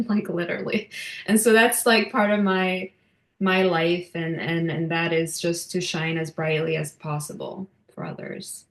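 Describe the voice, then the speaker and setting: A woman in her thirties talks with feeling as a guest in a casual interview, her sentences full of restarts and fillers. Her voice sits fairly low for a woman, and the room around her has a noticeable echo. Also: steady tone, unhurried, a bit bright. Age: 30s. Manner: emotional, many fillers and restarts. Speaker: podcast guest. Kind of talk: casual heartfelt interview talk.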